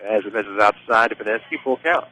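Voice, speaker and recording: A man calling play-by-play for a high school baseball game on local radio, easygoing and chatty. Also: moderate pace, slight background noise, low-quality recording. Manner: easygoing, chatty, excited on big plays. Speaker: play-by-play announcer.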